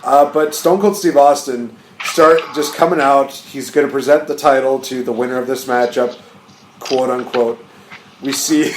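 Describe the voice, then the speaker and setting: A man's voice: mid-range voice, normal speed, reverberant, noisy background. A man hosting a podcast, telling stories casually and animatedly, laughing often. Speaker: podcast host. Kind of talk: casual chat.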